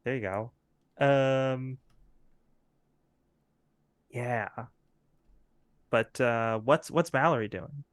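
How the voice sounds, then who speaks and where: A man's voice: medium pitch, very slow, pauses often, no echo, studio quality. A man narrating as game master of a tabletop game, rambling with many fillers and laughing often.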